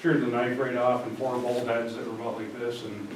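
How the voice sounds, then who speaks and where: A man giving a report at a village board meeting, halting with many ums and restarts. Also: medium pitch, flat delivery. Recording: echoey room from far off, background noise.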